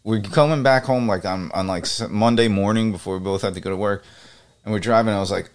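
A man co-hosting a podcast, telling funny stories in casual chat and laughing as he goes. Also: lowish voice. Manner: laughing storyteller, gets loud and fast when excited. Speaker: podcast co-host.

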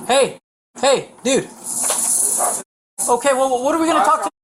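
A male sheriff's deputy pleads with a suspect again and again, his voice urgent and pitched high. He is captured on body camera audio with loud background noise all around. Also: normal speed. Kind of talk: live crisis negotiation.

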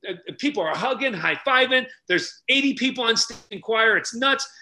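An energetic middle-aged man telling stories as a podcast guest, acting out the people he quotes. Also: very high-pitched, moderate pace. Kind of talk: animated storytelling.

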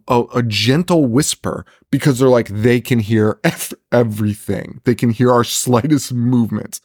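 A man ranting through a casual film podcast chat, swearing freely and laughing as he goes. His voice sits at an everyday middle pitch and sounds close and dry. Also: no room sound. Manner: profane, ranting, laughs often. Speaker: podcast co-host. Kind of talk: casual movie review chat.

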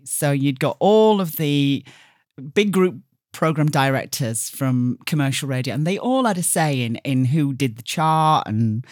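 Yorkshire woman, middle-aged, lively chatty guest, close dry recording. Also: low-pitched, dry recording. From Barnsley, Yorkshire, England. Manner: lively, chatty, quick bursts with restarts. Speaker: radio presenter, interview guest. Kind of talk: casual interview storytelling.

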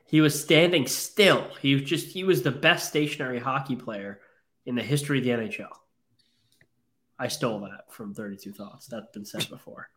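A man co-hosting a casual sports podcast, jumping in with quick, opinionated takes. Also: medium pitch, fairly bright tone. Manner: quick, opinionated, jumps in on others. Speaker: podcast co-host.

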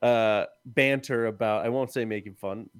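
A man's voice: lowish voice, moderate pace, smooth, no room sound, clean studio sound. A young man co-hosting a podcast, chatting casually and teasing his friends. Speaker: podcast co-host.

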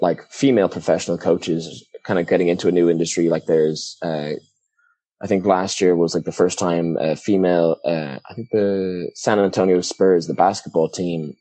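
A young Irish man whose accent has drifted halfway toward American speaks in a very low, dark voice. He talks quickly and reflectively, with lots of "like" and "kind of" and many restarts. The sound is dry and close. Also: dry recording, poor audio. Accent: Irish, partly Americanized. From Ireland. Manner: rambling, many fillers and restarts. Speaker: football coach, guest. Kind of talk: reflective interview talk.

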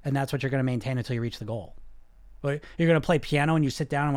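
A man's voice: racing, smooth, no room sound, studio quality. A man who coaches weight loss through hypnosis, talking casually and emphatically, often checking in with "you know". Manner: emphatic, conversational, keeps asking "you know"; swings from loud and high to low and quiet. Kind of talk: casual motivational talk.

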